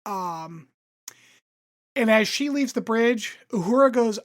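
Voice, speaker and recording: A woman co-host recaps the story in casual chat, full of ums and likes, slipping into quick impressions of the characters. Her voice sits a bit high. The sound is close and dry. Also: lively intonation, no echo. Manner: chatty recap with lots of um and like, acts out characters' lines. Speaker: podcast co-host summarizing the episode.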